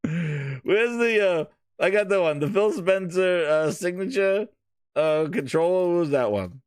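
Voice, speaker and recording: Solo male gaming host, loud mocking rants, higher voice, dry close mic. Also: a little slow, smooth, dry recording. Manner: profane, mocking, animated. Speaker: podcast host. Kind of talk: casual gaming rant.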